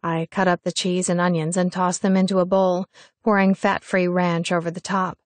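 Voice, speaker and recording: A woman's voice: lowish voice, level tone, moderate pace, dry recording. A woman narrating an audiobook in the first person, telling the story in a wry, sardonic way.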